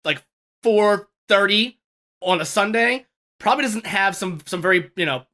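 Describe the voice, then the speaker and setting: A man's voice: high voice, moderate pace, sharp tone. A man co-hosting a podcast in casual chat, rambling and restarting his sentences often. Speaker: podcast co-host.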